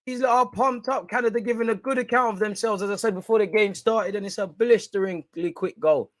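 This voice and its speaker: A man hosting a live football watch-along, reacting excitably and chatting with viewers in slang. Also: sits high, a little fast, no room sound.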